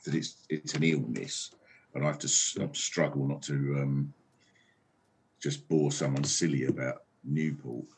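A middle-aged man, a comedian guest on a podcast, talking in a rambling, animated way with quick asides. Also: a bass voice, a little hiss or hum. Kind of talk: casual podcast conversation. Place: on tour in another town, joining remotely.

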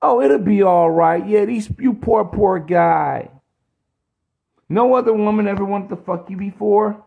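Man doing a mocking, coddling woman, slow and raised in pitch. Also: creaky, narrow, tinny audio, full character voice. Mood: mocking coo. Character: cooing sympathetic woman consoling a heartbroken man.

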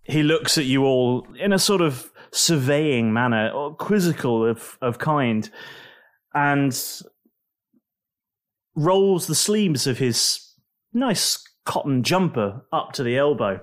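A British man narrating a tabletop game as dungeon master and host, with lively, cheerful storytelling. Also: medium pitch, takes it slowly. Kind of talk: tabletop game narration and podcast shout-outs.

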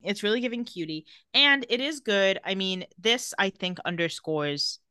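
Bright animated woman podcast host. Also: mid-range voice, smooth, no echo. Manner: animated, laughs often, quotes characters in quick voices. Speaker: podcast co-host recapping a TV episode. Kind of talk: casual chat, retelling scenes.

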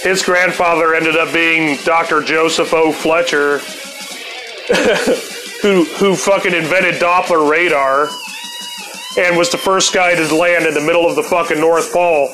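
A man's voice: on the high side, fairly even intonation, unhurried, over music, poor audio. A man in his fifties telling a profane personal story in a laid-back, casual way as a podcast host. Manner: laid-back, swears constantly, laughs at his own stories.

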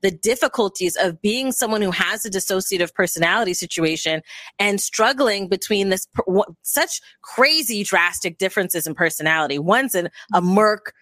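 Woman host, casual chatty delivery, filler-heavy, mid-pitched, dry close sound on a call mic. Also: expressive, moderate pace, fairly bright tone, dry recording. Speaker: podcast host. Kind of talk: casual group discussion.

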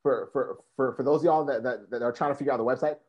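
A man's voice: mid-range voice, quick pace, a crowd in the background. A man co-hosting a podcast and coaching students, talking casually and energetically, often repeating himself and laughing. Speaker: podcast co-host, physical therapist coach. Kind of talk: casual podcast talk to listeners. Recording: muffled lo-fi sound.

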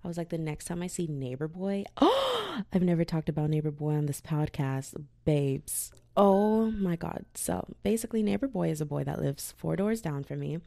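Young woman, podcast host; slangy casual chat, lowish pitch, close dry sound. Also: big pitch swings, fairly quick, gravelly, mellow, no room sound. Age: young adult. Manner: chatty and slangy, with lots of "like".

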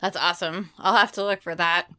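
A woman in her forties co-hosts a podcast of casual talk about books and daily life, her fairly low voice brisk. She's animated and playful, often slipping into silly voices when telling a story.

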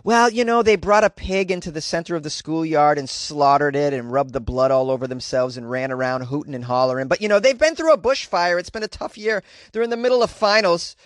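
A man's voice: fairly high pitch, expressive, a little fast, few pauses, no room sound, clean studio sound, close to an everyday voice. A man voicing an overly permissive male schoolteacher in a mock-casual, shrugging tone.

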